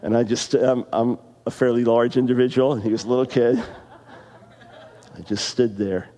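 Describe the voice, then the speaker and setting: A man around sixty preaching a sermon, telling stories and then reading scripture slowly with heavy emphasis. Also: mid-range voice, little pitch movement, mellow. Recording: long reverb of a large hall.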